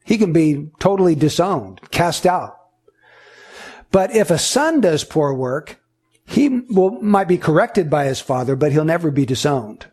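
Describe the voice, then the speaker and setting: Husky high-voiced man preaching. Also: very animated, unhurried, darkish tone. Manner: earnest, emphatic teaching with repetition. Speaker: pastor. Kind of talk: sermon.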